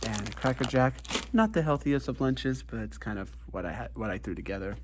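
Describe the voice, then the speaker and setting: A man's voice: medium pitch, lively intonation, a little fast, background noise. A man talking casually to his vlog camera, rambling with lots of ums and uhs, sometimes with his mouth full. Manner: talks while eating. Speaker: vlogger.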